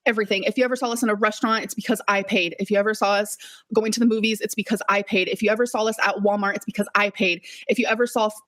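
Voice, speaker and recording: A young woman speaking on a live-stream vlog, talking quickly in a heated, repetitive rant full of swearing. She sounds shaky and upset. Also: medium pitch, fairly even intonation, fairly bright tone. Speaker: vlogger.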